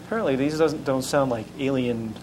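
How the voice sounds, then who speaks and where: A man with a medium-pitched voice puts questions to his guest, stumbling and filling his pauses. Clear background noise runs behind him. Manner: hesitant questions with stumbles and fillers. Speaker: interviewer. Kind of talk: interview questions.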